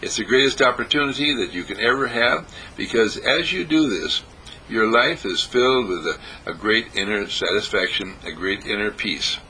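A man giving a spiritual meditation talk, gentle and repetitive, with sing-song emphasis. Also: lowish voice, lively intonation, moderate pace, a little hiss or hum, low-quality recording. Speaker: spiritual teacher. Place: monastery breakfast table.

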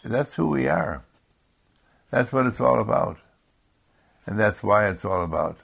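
A man giving a calm spiritual talk in slow, repetitive affirmations. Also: fairly low pitch, creaky, husky. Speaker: spiritual speaker.

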